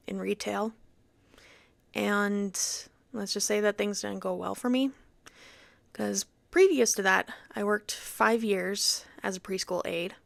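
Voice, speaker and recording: Chatty young woman with vocal fry. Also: medium pitch, no echo. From Utah. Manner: chatty, animated, acts out quoted voices. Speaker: podcast host. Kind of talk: casual personal story.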